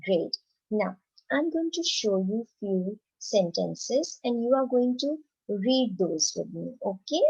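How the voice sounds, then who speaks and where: A woman teaches young children at a very slow, deliberate pace, asking questions and answering them herself in an encouraging tone. The recording sounds a little dull and lo-fi. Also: medium pitch, animated, a little mellow. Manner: encouraging, asks and answers her own questions; reads example sentences very slowly and clearly. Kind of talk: slow, simple classroom lesson for young children.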